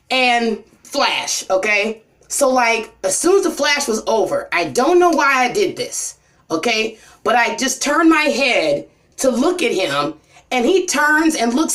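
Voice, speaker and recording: Rambling woman telling a story. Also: a bit bright. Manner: rambling, repeats "you know" and "like"; voice drops low and cries near the end. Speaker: vlogger. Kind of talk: emotional storytime vlog.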